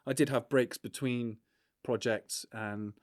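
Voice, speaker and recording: A man, a documentary filmmaker, talking in a relaxed, rambling way on a casual podcast, full of fillers and swearing. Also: medium pitch, takes it slowly, no echo, studio quality. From England.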